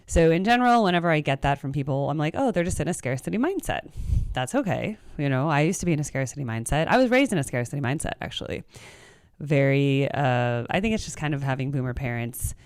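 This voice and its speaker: Give me a woman chatting casually to camera, smooth voice, dry close recording. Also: fast, no echo. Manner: chatty, animated, acts out quoted people in a higher voice. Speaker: music reaction channel host.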